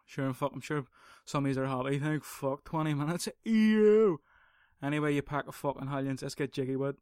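A man's voice: medium pitch, little pitch movement, fast, no room sound, studio quality. A young man hosting a casual solo podcast, swearing, rambling and sarcastic. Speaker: podcast host.

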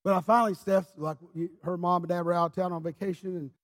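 A pastor preaching a sermon in church, telling his story with passion, dropping low and then rising to shouts. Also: steady tone, fast talker. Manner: impassioned storyteller, swinging from quiet to shouting.

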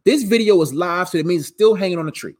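A man's voice: sits high, fast talker, darkish tone. A tired man teaching the Bible live in a casual, slangy way, repeating words as he goes. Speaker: preacher streaming live.

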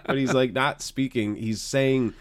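A man's voice: mid-range voice, a little slow. A man hosting a podcast, chatting casually and telling stories in a loose, profane way. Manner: animated, profane storytelling. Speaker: podcast host. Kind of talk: casual chat.

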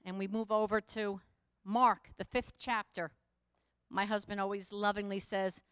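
Middle-aged woman preacher, smooth clear voice, a bit high, chatty storytelling that gets emphatic, dry close sound. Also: level tone, unhurried, a bit bright, no room sound. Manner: conversational storytelling preacher, rising to emphatic exhortation. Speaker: pastor. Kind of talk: sermon.

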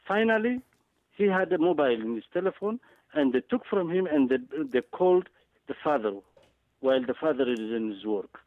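Over a tinny, dry phone line, a man calls in as a guest analyst delivering impassioned political commentary. His slightly high, sing-song pitch swings widely as he presses his points with urgent emphasis, repeating words and filling pauses with hesitant sounds, and the recording itself is dry.

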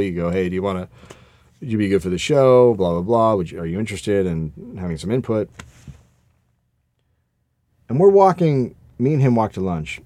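A man's voice: fairly low pitch, dry recording. A man telling a work story in casual chat, swearing freely and acting out the people in it. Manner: profane, animated anecdote-telling.

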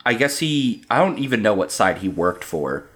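A man's voice: lowish voice, sing-song, moderate pace, a bit bright, breathy edge. A man chatting casually as a podcast guest. He rambles, chuckles through his stories and often trails off mid-sentence.

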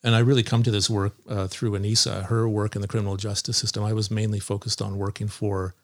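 A man with a low voice and a gravelly, creaky edge. He answers interview questions slowly and thoughtfully. He pauses often as he works through his points. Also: little pitch movement. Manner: measured, hesitant, with frequent pauses. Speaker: lawyer, interview guest. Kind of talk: conversational interview.

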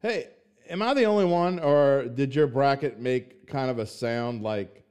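A man's voice: medium pitch, a little slow, a little mellow, slight background noise. A middle-aged man hosting a sports podcast, rambling and ranting in a self-mocking, casual way. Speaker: podcast host and sports betting writer. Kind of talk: casual solo podcast talk.

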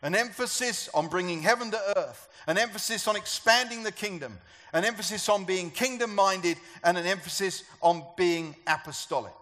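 A man's voice: sits high, moderate pace, hardly any pauses, bright, forceful tone. A man preaching a sermon to a church gathering, talking conversationally and asking the congregation questions. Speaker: pastor.

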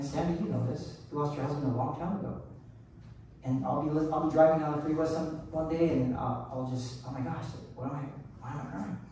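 A man's voice: on the high side, darkish tone, slight background noise. A male pastor giving a conversational, earnest sermon with frequent restarts. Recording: echoey room, mic at a distance.

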